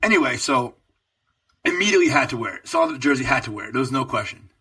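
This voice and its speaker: Animated, husky man telling a story. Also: fast talker, distant mic. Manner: animated, profane storytelling with swooping pitch. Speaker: podcast co-host. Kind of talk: casual storytelling chat.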